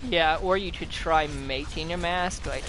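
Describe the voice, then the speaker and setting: A young man chatting casually while gaming, telling animated stories with a lot of swearing and acted-out quotes. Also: fairly high pitch, unhurried, rough recording. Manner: animated storyteller, swears often, acts out quotes. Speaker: host. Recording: game music playing loudly behind.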